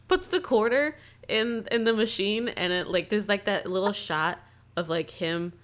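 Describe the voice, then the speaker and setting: A young woman co-hosting a casual podcast about a movie, animated and laughing often, with frequent filler words. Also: medium pitch, normal speed. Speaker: podcast co-host. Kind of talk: casual chat reviewing a movie.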